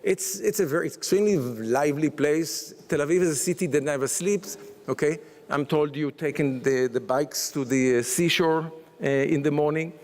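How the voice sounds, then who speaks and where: A man, a scientist and professor, giving a summit talk in a halting way, full of restarts, fillers, "sort of" and "okay?". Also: on the high side, darkish tone. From Israel. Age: older. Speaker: conference speaker. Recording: long reverb of a large hall.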